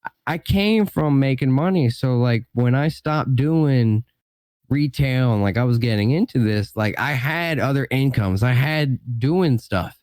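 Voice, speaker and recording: A man chats as a guest on a relaxed podcast, in a mid-pitched voice recorded dry and close. He rambles loosely and leans on filler words as he thinks aloud. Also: unhurried, no echo. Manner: rambling, heavy use of "like" and "you know". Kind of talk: casual podcast chat.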